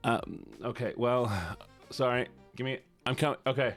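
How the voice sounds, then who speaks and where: A man's voice: little pitch movement, normal speed, fairly bright tone, soft background music. A man live-streaming in a playful, teasing way, chatting with his viewers. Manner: playful, teasing, squeals high when mock-upset. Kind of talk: casual live-stream chat.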